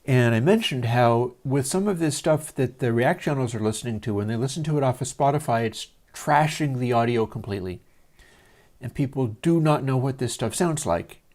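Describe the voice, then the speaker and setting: A man's voice: medium pitch, darkish tone. Male host talking casually from a home studio; meandering and hesitant, with frequent fillers. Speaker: livestream host. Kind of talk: casual rambling monologue.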